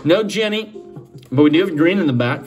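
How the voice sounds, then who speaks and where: A man's voice: fairly high pitch, lively intonation, fairly quick, soft background music. A man with a Boston accent hosting a sports card channel, chatting and joking with viewers while opening packs. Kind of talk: casual pack-opening commentary.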